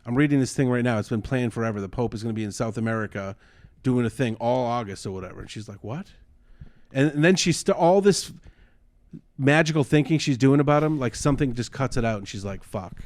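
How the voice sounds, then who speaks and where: A man co-hosting a casual podcast chat, retelling a story with animated acted-out quotes and frequent swearing. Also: medium pitch, fast. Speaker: podcast co-host.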